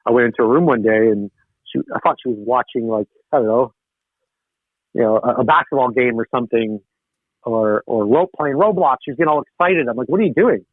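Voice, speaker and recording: A middle-aged man talks as a podcast guest, rambling and animated and often restarting his sentences. His voice comes through a tinny, phone-like line. The sound is dry, with no room around it. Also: medium pitch, brisk, no echo. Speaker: guest, political missionary. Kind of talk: podcast interview.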